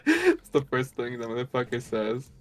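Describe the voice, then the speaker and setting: A man's voice: medium pitch, wildly swooping pitch, normal speed, a bit bright. A young man chatting casually while gaming, rambling through a story and laughing often. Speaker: gamer.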